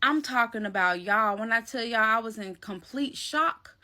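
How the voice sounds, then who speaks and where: A woman telling a story in a casual storytime vlog, animated and slangy, talking straight to her viewers. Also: on the high side, normal speed. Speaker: vlogger.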